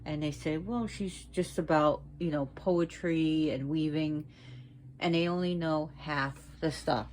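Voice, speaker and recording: A woman presenting a casual educational video at home, talking slowly and deliberately and repeating words for emphasis. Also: low voice, steady tone, darkish tone, a little hiss or hum. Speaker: video presenter on mythology and witchcraft. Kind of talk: casual educational talk to viewers.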